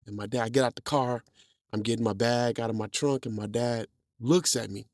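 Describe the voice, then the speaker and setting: A man's voice: mid-range voice, steady tone, a little fast, darkish tone, dry recording, clean studio sound. A man, a podcast host, telling a personal story in casual talk. He laughs often, repeats words and acts out the people he quotes.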